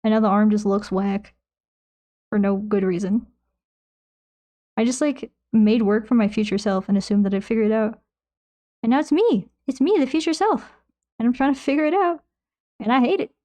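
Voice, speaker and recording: A young woman with a fairly high, mellow voice chats into a close desk mic while she paints on stream. She rambles and laughs at her own habits as she answers her viewers, and her tone stays loose and self-mocking. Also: normal speed, long pauses. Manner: rambling, self-mocking, reads chat aloud. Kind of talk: casual chat while painting. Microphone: desk microphone close by.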